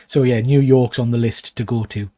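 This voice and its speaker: Chatty British host on a video call. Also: male voice, mid-range voice, steady tone, normal speed, mellow. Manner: eager, brief affirmations. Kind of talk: casual interview.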